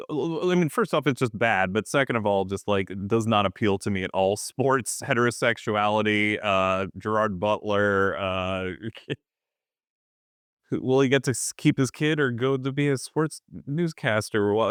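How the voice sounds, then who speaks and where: A man's voice: mid-range voice, a little slow, clear, resonant tone, no room sound, clean studio sound. Blunt, exasperated young man. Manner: blunt, exasperated, laughs often. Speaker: podcast co-host. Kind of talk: casual film review banter.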